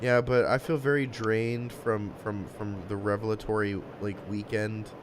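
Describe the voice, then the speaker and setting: A man's voice: lowish voice, level tone, normal speed, background noise. A young man streaming, chatting casually on a voice call, rambling and swearing as he vents about a breakup. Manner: rambling, profane, venting. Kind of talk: casual voice chat.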